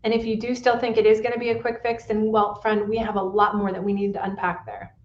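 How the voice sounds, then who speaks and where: A woman's voice: mid-range voice, monotone, fast talker, roomy sound, muffled recording. A woman pain specialist hosting a solo podcast, talking in an earnest coaching manner and often checking in with "right?".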